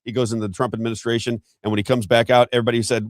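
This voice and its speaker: A man's voice: mid-range voice, flat delivery, no echo, clean studio sound. An American man hosting a political talk show, giving emphatic, unscripted commentary and repeating his points. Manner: fast, emphatic, repeats himself.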